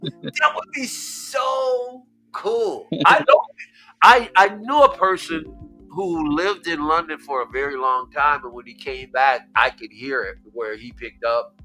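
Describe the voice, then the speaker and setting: An American man hosting a stream, talking in a casual, animated way that keeps repeating words. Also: fairly high pitch, measured pace, faint music behind. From United States. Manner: animated, excitable, repeats words, laughs often. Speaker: stream host. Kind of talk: casual chat.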